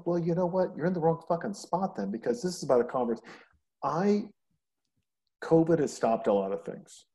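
A man talking casually on a podcast, rambling and animated as he tells stories and swears freely. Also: on the high side, normal speed. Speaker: podcast host. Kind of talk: casual conversation.

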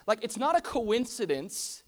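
A pastor giving a conversational sermon to a congregation, animated and full of rhetorical questions and casual asides. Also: mid-range voice, unhurried. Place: church hall before a congregation.

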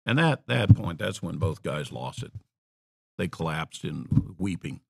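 A male preacher with a very low voice and a gravelly edge. He delivers his sermon as a story, climbing into emphatic peaks and then falling back into quiet asides. His talk sounds unscripted and conversational. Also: sing-song, a little slow.

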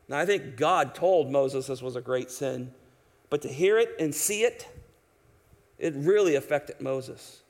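Gravelly-voiced man preaching a sermon. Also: mid-range voice, animated, a little slow. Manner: emphatic, conversational preaching with rhetorical questions. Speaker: pastor. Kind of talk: expository sermon.

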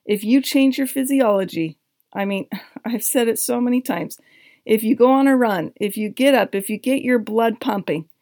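A woman hosting a podcast, telling a personal story and giving self-help advice in a candid, expressive way. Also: fairly high pitch, normal speed, no room sound, studio quality. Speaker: podcast host.

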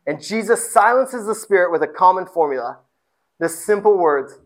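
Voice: medium pitch, animated, moderate pace, poor audio. A pastor preaching a sermon with emphasis, often repeating phrases and asking the congregation rhetorical questions.

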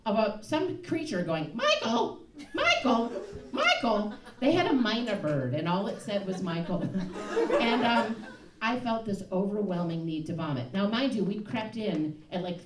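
A woman in her thirties with a Chicago accent tells a funny story on stage, animated and laughing through her punchlines. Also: mid-range voice, normal speed, few pauses, distant mic. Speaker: stand-up comic. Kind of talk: live stand-up storytelling. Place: comedy club stage. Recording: roomy live club recording with audience noise.

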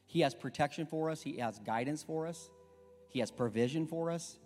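A middle-aged pastor preaching in an emphatic, conversational, storytelling way, recorded in an echoey church with faint music. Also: male voice, on the high side, normal speed, darkish tone. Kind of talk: sermon. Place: church sanctuary.

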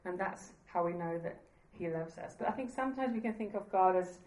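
A woman's voice: fairly low pitch, fairly quick, a little mellow, echoey room, rough recording. A woman preaching a sermon in an earnest, conversational way, laughing at herself now and then.

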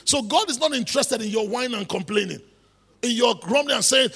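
A man's voice: sits high, lively intonation, brisk, vocal fry, bright, forceful tone, slightly rough, long reverb tail. A man preaching a sermon, emphatic, repeating phrases and building into exhortation.

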